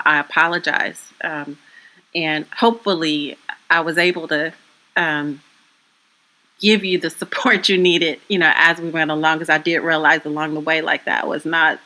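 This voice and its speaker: A woman's voice: sits low, steady tone, normal speed, pushed and bright, low-quality recording. A woman hosting a podcast interview, chatty and loose, with many fillers. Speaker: podcast host. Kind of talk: casual interview conversation.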